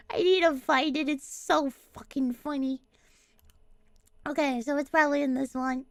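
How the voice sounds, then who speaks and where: A woman's voice: sits high, unhurried, pauses often, a bit bright, a little hiss or hum. A woman streamer in casual chat, laughing and swearing while reading comments aloud into a close desk mic.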